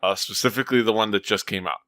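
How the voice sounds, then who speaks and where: A man hosting a podcast in casual chat, rambling with lots of fillers and quick to laugh. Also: on the low side, bright, forceful tone, no room sound. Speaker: podcast host.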